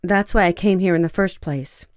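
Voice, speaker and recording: A woman voicing a nervous, awkward young woman scribe who speaks in a halting, low-key way. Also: dry recording, clean studio sound, natural voice.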